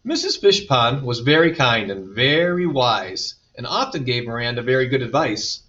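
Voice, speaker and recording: A man reading a children's picture book aloud with lively, expressive storytelling. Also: medium pitch, normal speed. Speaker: storybook reader. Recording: dull distant recording.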